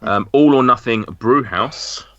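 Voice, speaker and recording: A man with a northern English accent hosts a podcast quiz in casual chat, halting with ums and restarts. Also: mid-range voice, bright, forceful tone, dry recording. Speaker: podcast host running a quiz. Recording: dull lo-fi sound.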